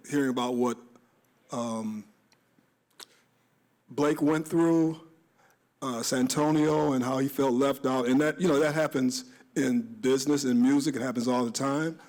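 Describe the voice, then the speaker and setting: A man speaks on a discussion panel about his years as a DJ. His telling is rambling and reminiscent, full of false starts, at a middle pitch. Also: fairly even intonation, moderate pace, a little mellow. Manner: rambling, reminiscent, with many restarts.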